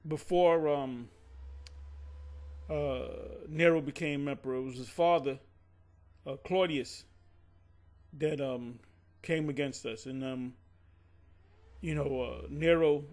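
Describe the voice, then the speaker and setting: A man with a slightly high, darkish voice teaches from the Bible in a casual, rambling way, keeping a steady tone. He speaks slowly with frequent pauses, often stops to correct himself, and drifts into side stories.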